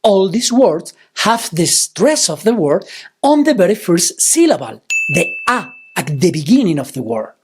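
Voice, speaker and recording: Husky-voiced woman teaching a language lesson. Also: fairly low pitch, very animated, a little mellow. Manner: patient, slows down to model example words. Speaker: Spanish teacher.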